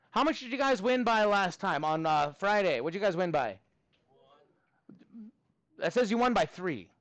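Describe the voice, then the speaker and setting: A man teaching a middle school math class, talking in a playful, animated way with many fillers. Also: fairly high pitch, clear, resonant tone, no room sound, poor audio. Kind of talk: classroom lesson.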